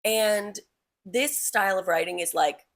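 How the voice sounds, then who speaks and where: A woman's voice: mid-range voice, unhurried. A young woman co-hosting a podcast, chatting casually with lots of "like" fillers as she thinks aloud. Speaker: podcast co-host. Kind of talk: casual chat.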